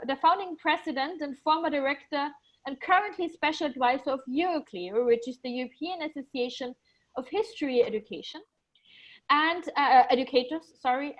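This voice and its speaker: A woman's voice: high voice, rough recording. A woman moderating an online webinar, introducing the speakers with frequent ums and small slips. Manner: many ums and uhs, reads bios with small slips.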